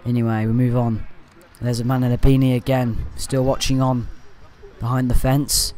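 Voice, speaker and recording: Male fan commentator, mid-pitched, loose amateur match voice-over, keeps moving on with "anyway". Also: normal speed, a little hiss or hum. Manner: rambling, leans on "anyway" and "uh" to move on; partisan, with excited bursts at good play.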